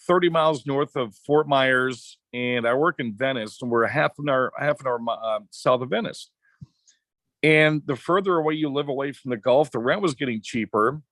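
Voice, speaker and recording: A middle-aged man from Wisconsin, a former racetrack announcer, telling a story as a podcast guest in a chatty, animated way. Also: medium pitch, no room sound. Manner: chatty, animated anecdotes with quoted dialogue. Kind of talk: casual storytelling.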